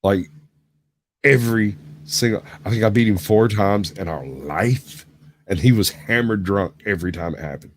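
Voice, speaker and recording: A man's voice: lowish voice, normal speed. A man chatting casually as a guest on a podcast, crude and joking in a laid-back way. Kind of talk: casual chat.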